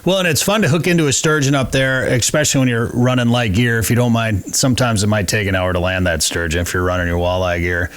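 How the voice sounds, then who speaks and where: A man hosts a radio show in relaxed conversation, with his voice at a middling pitch. He sounds easygoing and encourages his guest as they talk. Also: fast, hardly any pauses. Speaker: host. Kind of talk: casual radio chat.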